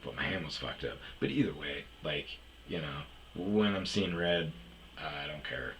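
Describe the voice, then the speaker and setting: Low-voiced man telling a rambling story. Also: expressive, a little slow, a bit bright, slight background noise, low-quality recording. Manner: rambling, heavy swearing, many fillers. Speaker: storyteller host. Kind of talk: casual profane storytelling.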